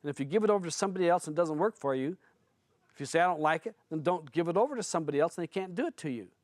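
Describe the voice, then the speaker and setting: A man's voice: on the high side, lively intonation, very fast, darkish tone, no room sound, clean studio sound. A man who is a spiritual teacher, giving a blunt, conversational seminar talk full of stories to an audience.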